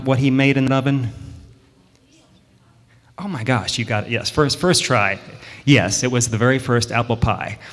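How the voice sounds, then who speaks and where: A man telling a children's story at a worship service, playful and chatty with the children listening. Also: medium pitch. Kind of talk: children's story told to a congregation. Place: church sanctuary. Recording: long hall reverb in a sanctuary.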